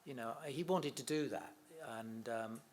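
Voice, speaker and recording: A middle-aged man, the son of a comedian, is interviewed about his late father and shares anecdotes chattily, laughing a lot and acting out the quotes. His voice is mid-range and a little slow, with slight background noise.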